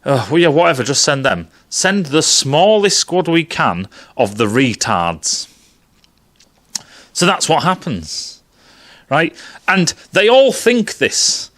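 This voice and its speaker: A man's voice: on the high side, sing-song, slow, a bit bright. A man giving a casual, profane, rambling film analysis. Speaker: film commentator.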